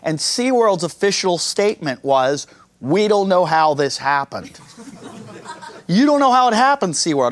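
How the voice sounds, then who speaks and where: A male American stand-up comedian telling crude, profane jokes and acting out the people in his stories. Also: extremely high pitch. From United States. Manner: crude, swearing, acts out characters in dialogue.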